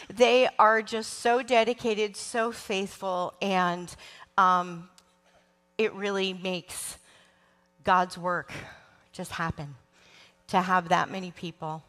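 Middle-aged woman preacher, unhurried and heartfelt, speaking into a stage mic in a reverberant sanctuary. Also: medium pitch, fairly even intonation. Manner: warm, emotional, slow and earnest with frequent ums. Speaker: children's ministry leader. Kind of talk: church sermon. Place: large church sanctuary. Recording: long church hall reverb.

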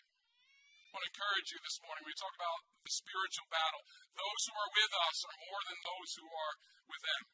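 Bright, high-voiced male preacher. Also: lively intonation, moderate pace, a little hiss or hum, rough recording. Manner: conversational storytelling with rhetorical questions. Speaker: pastor. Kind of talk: sermon.

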